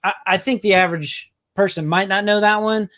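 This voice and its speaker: A man's voice: sits high, steady tone, fairly quick, fairly bright tone. A man co-hosting a podcast in casual chat, hesitant and searching for words with many fillers. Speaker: podcast co-host.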